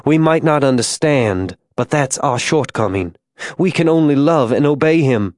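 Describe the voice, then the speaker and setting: Man reading as a tormented zealot, hushed, tender, fanatical, dry close sound. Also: mid-range voice, animated, moderate pace, dry recording, voice pushed up, lightly acted. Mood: preaching. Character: grown man, tormented religious zealot, gentle to a child.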